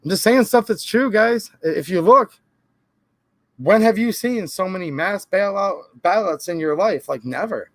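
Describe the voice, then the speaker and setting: A man's voice: sits high, expressive, normal speed, dry recording. A man hosting a live stream, answering viewer comments in a rambling, emphatic way with defensive asides. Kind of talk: casual live-stream talk.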